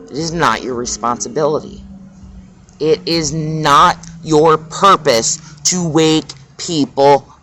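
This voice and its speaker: A spiritual speaker giving an impassioned, preachy monologue. The speaker swears freely and repeats phrases in a drawn-out cadence. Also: medium pitch, background noise.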